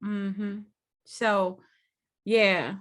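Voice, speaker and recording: A woman in her forties co-hosting a casual podcast chat, expressive, with quick laughs and short asides. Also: mid-range voice. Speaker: podcast co-host.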